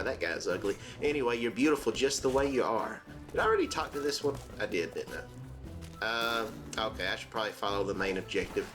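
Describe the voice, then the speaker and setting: A man hosting a let's-play, talking in a rambling, jokey way with many fillers and sudden squeaky exclamations. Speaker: gaming channel host. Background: game music.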